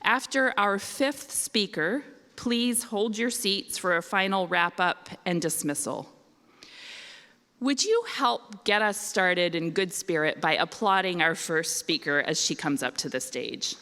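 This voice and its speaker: A woman hosting an event, calmly welcoming and announcing the speakers. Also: lowish voice, unhurried. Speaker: event host. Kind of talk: emcee introduction. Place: college auditorium. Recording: reverberant hall.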